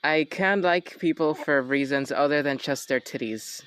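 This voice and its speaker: A man's voice: fairly high pitch, moderate pace, a bit bright, slight background noise, low-quality recording. A man hosting a casual chat, joking and correcting himself in an offhand way. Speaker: host.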